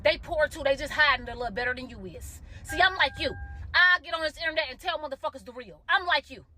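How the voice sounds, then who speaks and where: A woman's voice: high-pitched, fast, pushed and bright, a little hiss or hum. A woman giving an emotional, profane rant to camera from a car, heated and close to tears. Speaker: commentator reacting to a viral video.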